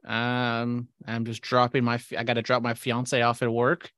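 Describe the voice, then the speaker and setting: A man's voice: medium pitch, completely flat delivery, moderate pace, a bit bright, dry recording, studio quality. A man in casual chat, hesitant with many fillers and wry asides. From Spokane area.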